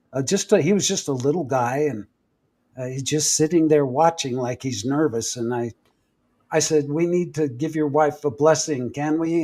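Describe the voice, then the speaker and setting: A man retelling a personal story in casual live-stream chat, vivid and full of restarts. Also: medium pitch. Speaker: podcast host. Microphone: home live-stream mic.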